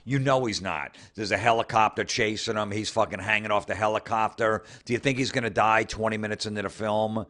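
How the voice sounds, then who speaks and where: A man's voice: on the low side, steady tone, fairly quick, few pauses, fairly bright tone. A man hosting a comedy show, ranting sarcastically with heavy swearing and mocking the people he talks about. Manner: sarcastic, mocking, swears heavily, mimics people in put-on voices. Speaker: comedy podcast host. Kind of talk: profane ranting comedy commentary.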